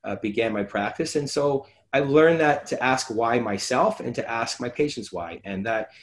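A man, a physiotherapist hosting a casual podcast chat, animated and acting out his talks with patients. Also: medium pitch, normal speed. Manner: animated, acts out conversations with patients.

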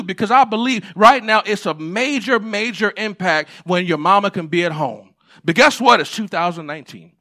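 A man a sermon in a conversational style, dropping to quiet asides and rising to shouted points. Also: high-pitched. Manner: conversational preaching, swings between hushed asides and shouted points. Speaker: pastor.

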